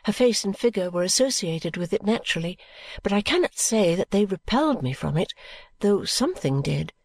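A woman reading a novel aloud as a first-person audiobook narrator, with a calm, even storytelling delivery. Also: mid-range voice, brisk, no room sound. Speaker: audiobook reader.

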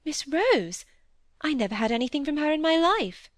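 A woman's voice: high-pitched, sing-song, normal speed, dry recording. Woman reading a curious, coaxing young girl. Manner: coaxing, pleading, inquisitive. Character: curious, lively teenage girl, doting daughter. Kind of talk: audiobook dialogue reading.

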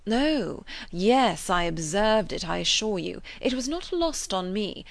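A woman reading as a flattering young gentleman. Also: medium pitch, unhurried, creaky, no room sound. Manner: effusive, fawning compliments.

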